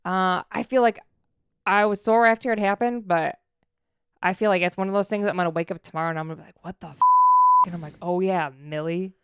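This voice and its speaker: In a casual podcast chat, a woman co-host talks fast in a smooth, medium-pitched voice, telling stories with animation and acting out quotes. It's studio quality, captured on a studio dynamic mic with no room sound.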